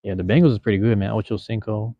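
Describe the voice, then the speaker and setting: A low-voiced Seattle man chats on a livestream, loose and slangy, cursing casually as he answers viewers. He talks fast with fairly even intonation, and the sound is dry and a little dull, like a cheap desk mic, with no room sound.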